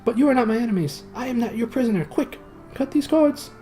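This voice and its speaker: Man voicing a desperate enchanted knight in a storybook reading, high, strained, begging. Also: moderate pace, mellow, faint music behind, close to an everyday voice, rough recording. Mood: desperate pleading. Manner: high strained pleading, rising to shrieks. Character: tormented enchanted knight, adult man, pleading.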